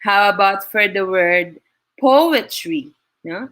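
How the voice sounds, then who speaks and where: Lady teacher on a video call, bright high-ish voice, slow and careful, lots of "no?". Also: expressive. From Philippines. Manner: encouraging, frequent "no?" tag questions. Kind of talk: online class teaching.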